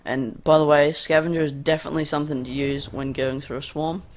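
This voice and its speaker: A man's voice: fairly high pitch, level tone, brisk. A man with an Australian accent giving casual, rambling gameplay commentary with many ums, recorded on a cheap desk condenser mic at a home gaming setup. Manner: rambling, hesitant, full of ums. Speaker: gaming YouTuber. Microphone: cheap USB condenser desk mic.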